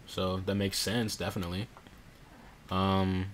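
A man's voice: low voice, level tone, measured pace, a little hiss or hum. A young man casually narrating a let's play, talking to himself and reading in-game notes aloud. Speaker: gameplay streamer.

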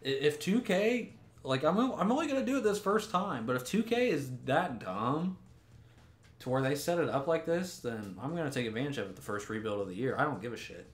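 A man's voice: fairly high pitch, very animated, fairly quick. A young man giving gameplay commentary, ranting in exasperation, swearing and restarting his sentences. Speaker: gaming YouTuber. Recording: roomy echo with faint music.

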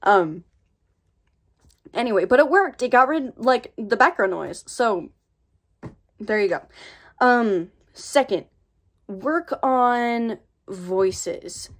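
A woman's voice: fairly high pitch, lively intonation, takes it slowly, long pauses. An American woman hosting a casual voice acting tutorial vlog, talking in a chatty, rambling and playfully sassy way into her own microphone.

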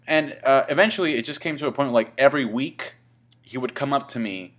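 Speaking briskly in a medium, slightly bright voice, a twenty-something vlogger rambles through a casual on-camera story. Swearing, fillers and restarts crop up constantly.

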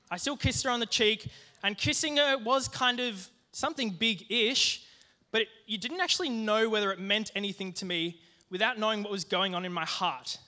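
A young man giving a youth sermon, telling a personal story in a lively, joking way with plenty of asides. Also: high voice. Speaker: youth group speaker.

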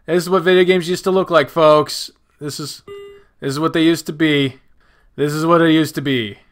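A young man doing let's play commentary, excitable and swearing, yelling at the game when things go wrong. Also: fairly high pitch, normal speed. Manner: excitable, cursing, yells at the game. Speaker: gaming video host.

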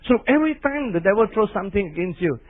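A middle-aged male pastor preaching an animated sermon, now and then imitating barking dogs. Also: sits high, quick pace. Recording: tinny phone-like lo-fi sound.

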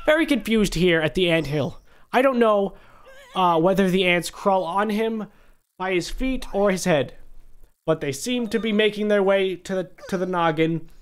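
Young male gaming host, high voice, jokey and animated, yelps when excited; desktop mic commentary. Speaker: gaming YouTuber. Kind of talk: playful game commentary. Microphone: desktop microphone.

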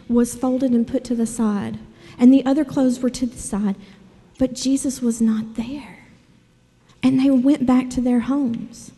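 A woman leading a children's sermon, animated and asking the kids questions. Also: a little high. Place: church sanctuary. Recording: long church hall reverb.

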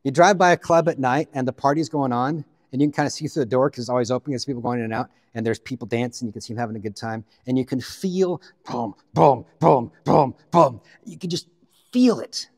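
A man from the Pacific Northwest, a guest pastor, preaching a sermon in an animated storytelling way, with joking asides. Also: mid-range voice, quick pace, in a large hall.

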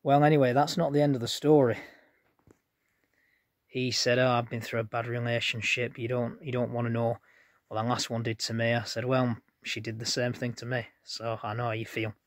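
A chatty man tells a rambling story of his own to his viewers. His voice sits at an ordinary middle pitch, and the room sounds dry and close. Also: flat delivery, moderate pace, no echo. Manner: chatty, rambling, plain-spoken. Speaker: vlogger. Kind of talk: casual storytelling to camera.

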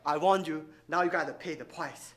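A man's voice: a little high, fairly quick, fairly bright tone, reverberant, a little hiss or hum, natural voice. A man playing a cocky gang leader. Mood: menacing. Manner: threatening, cocky, laughing taunts. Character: cocky male gang leader guarding a theater.

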